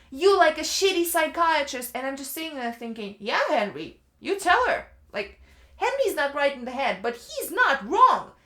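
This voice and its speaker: A woman's voice: high-pitched, a bit bright, echoey room. A woman giving a casual, ranting book review, chatty and exasperated, leaning on "like" a lot. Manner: exasperated, chatty, fills speech with "like".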